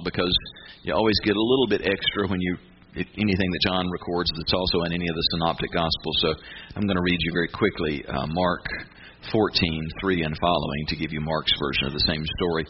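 A man's voice: low voice, a little fast. A man preaching a sermon in a conversational, emphatic, folksy way. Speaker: pastor. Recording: muffled with steady hiss.

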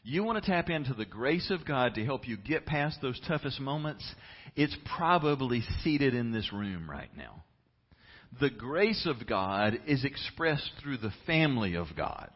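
A man's voice: very animated, measured pace, husky. Fervent male pastor preaching, muffled recording. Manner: swings from low, quiet asides to loud, soaring emphasis; talks directly to the congregation with call-and-response. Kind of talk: sermon. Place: church sanctuary. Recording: muffled, lo-fi live church recording.

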